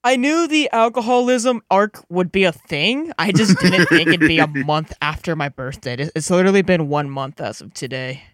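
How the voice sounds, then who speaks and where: Young man, high lively voice, defensive joker, dry mic. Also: moderate pace, few pauses, no echo. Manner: defensive, joking. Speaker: podcast co-host. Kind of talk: casual banter among friends.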